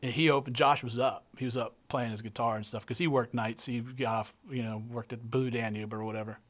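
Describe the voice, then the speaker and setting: Man telling a rough story casually. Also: mid-range voice, steady tone, fairly quick, a bit bright. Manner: vivid present-tense retelling, swears, frequent restarts. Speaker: guest artist.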